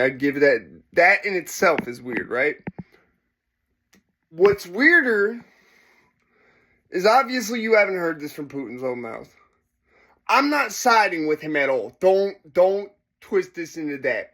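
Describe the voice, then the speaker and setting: A man with a notably high voice delivers a casual, profane rant straight to his audience. His speech is slurred and loose. It rises to loud emphasis when he's worked up, and he keeps asking whether you see what he's saying. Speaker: vlogger.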